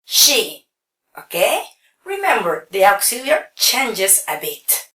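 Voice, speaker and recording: Speaking at a medium pitch with big swings and a bright, forceful tone, a woman teaches English grammar. She explains slowly and methodically, dropping frequent "okays" to check understanding. There's roomy echo in the recording, and she's far from the mic.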